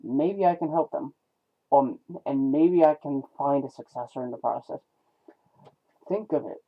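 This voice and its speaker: A man reading a comic aloud, voicing a weary male robot warrior who reflects on his lost home in a slow, solemn way. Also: medium pitch. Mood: somber. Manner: solemn, slow, stumbling over names. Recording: tinny phone-like lo-fi sound.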